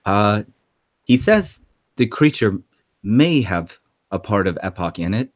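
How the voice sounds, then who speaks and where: A man's voice: lowish voice, big pitch swings, takes it slowly, heavily acted. A man voicing a woman interpreter in a tabletop game, speaking in stiff, careful, formal phrases. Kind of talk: tabletop role-play voicing.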